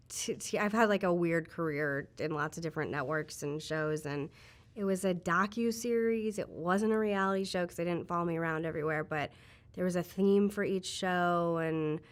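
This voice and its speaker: A woman giving a candid, reflective interview, talking casually with frequent "like" fillers. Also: lowish voice. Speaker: interview guest.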